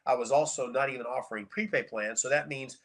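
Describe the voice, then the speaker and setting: A middle-aged man with a bright, forward voice tells stories as a podcast guest. He talks casually and with animation, often repeating words for emphasis, in a middle-pitched voice. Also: fast. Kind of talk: casual storytelling interview.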